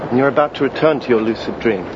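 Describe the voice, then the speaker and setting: A man speaking in a smooth, calm, measured way, delivering film dialogue as a narrator and technician. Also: mid-range voice, background noise, lightly acted. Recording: muffled film soundtrack with loud score.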